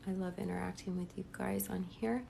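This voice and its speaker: A woman's voice: on the low side, steady tone, a little fast, gravelly, mellow, a little hiss or hum. A woman coaching viewers on a casual live stream, chatty and encouraging, checking in with "okay?" and "right?" as she goes. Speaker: manifestation coach.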